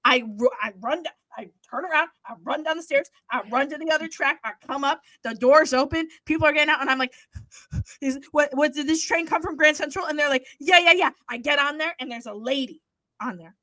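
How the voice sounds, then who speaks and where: A young woman co-hosting a podcast, telling a story in casual chat, animated and swearing freely as she acts out what people said. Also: sits high, fairly quick, dry recording. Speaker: podcast co-host.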